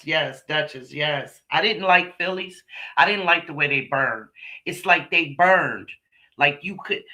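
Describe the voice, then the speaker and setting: A woman's voice: deep voice, poor audio. A woman hosting a live stream, telling a casual, slangy and profane story to her viewers. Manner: animated, slangy and profane, addresses viewers as y'all.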